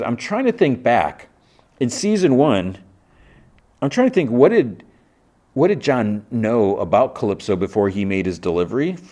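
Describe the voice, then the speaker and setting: A man's voice: mid-range voice, a little mellow. A man hosting a podcast, casually recapping a TV episode with stumbling restarts and questions to himself. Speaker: podcast host.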